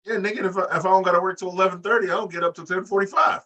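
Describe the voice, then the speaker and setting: A man's voice: high voice, fairly even intonation, very fast, pushed and bright, distant mic, muffled recording. A man co-hosting a casual wrestling podcast who talks in a profane, mocking way and does voices when he retells scenes. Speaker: podcast co-host.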